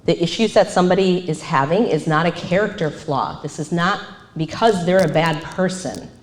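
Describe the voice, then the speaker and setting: Woman counselor presenting live, lower voice, roomy sound, acts out examples. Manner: animated, acts out quoted phrases. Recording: echoey room.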